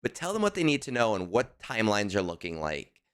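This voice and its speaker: A man co-hosting a casual podcast, telling a story in an animated, emphatic way. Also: lowish voice, brisk, clear, resonant tone. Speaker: podcast co-host. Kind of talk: casual chat.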